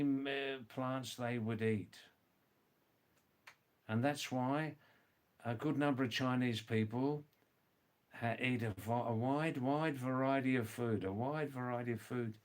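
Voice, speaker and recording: Slow-talking Australian man hosting a live stream. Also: mid-range voice. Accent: mild Australian. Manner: slow, repeats key words, explains to viewers. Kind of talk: casual live chat explaining language.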